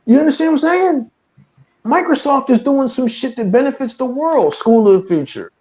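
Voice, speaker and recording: A man's voice: extremely high pitch, expressive, moderate pace, a little mellow, muffled recording. A man from the United States hosting a casual podcast, talking in a profane, opinionated way with stammering restarts. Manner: profane, stammering restarts, laughs at his own jokes. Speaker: podcast host.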